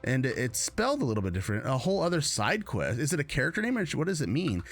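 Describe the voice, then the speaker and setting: A man of middle pitch chats loosely on his live stream, wandering from thought to thought and correcting himself as he goes. He chuckles often and keeps the tone easygoing. Soft music runs quietly behind him. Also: wildly swooping pitch, quick pace. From United States. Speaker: streamer host. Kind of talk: casual live-stream chat.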